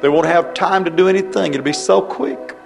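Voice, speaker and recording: A man preaching a fervent revival sermon, impassioned and pleading, his voice rising into high cries. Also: normal speed, gravelly, music in the background.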